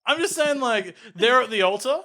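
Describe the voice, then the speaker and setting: An Australian man co-hosting a podcast in casual chat, joking sarcastically and dropping into low mock voices. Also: expressive, moderate pace, pushed and bright. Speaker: podcast co-host.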